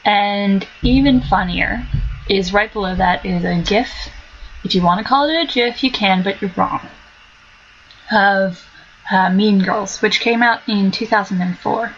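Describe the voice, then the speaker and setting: Slow-talking wry young woman. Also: mid-range voice. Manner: wry, joking asides, frequent ums. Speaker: vlogger telling life stories. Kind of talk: casual storytelling. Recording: dull lo-fi home recording with faint noise.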